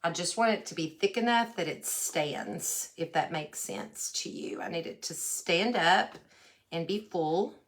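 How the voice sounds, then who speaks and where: On a casual craft livestream, a woman with a Texas accent and a fairly low voice talks in an unhurried, folksy, chatty way. She works while warmly welcoming viewers by name.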